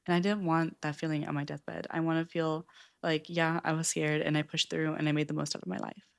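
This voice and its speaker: A young woman with a low voice reflects candidly in a personal vlog. She speaks earnestly and openly and often uses "like" as a filler. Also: little pitch movement, brisk, gravelly. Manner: earnest, open, with frequent "like" fillers. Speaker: self-help book vlogger.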